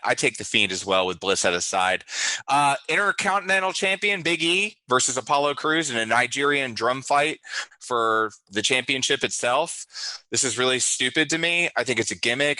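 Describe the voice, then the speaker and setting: A man's voice: mid-range voice, pushed and bright, dry recording, poor audio. A man hosting a casual podcast, blunt and opinionated as he runs through his picks. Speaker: host.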